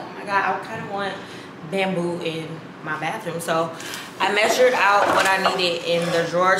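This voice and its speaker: Young woman vlogger, low-ish voice, chatty and loose, echoey home with dishes clattering behind. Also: very noisy. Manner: chatty, lots of ums, calls the viewers y'all. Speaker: lifestyle vlogger. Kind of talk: casual chat to camera. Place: home kitchen and bathroom, indoors. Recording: roomy room with household clatter.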